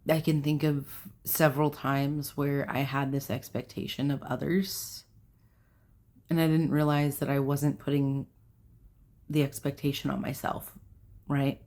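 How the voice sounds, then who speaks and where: A woman's voice: very deep voice, little pitch movement, measured pace, darkish tone. A young adult woman hosting a self-help video, talking casually to camera in a rambling way, with fillers and self-corrections.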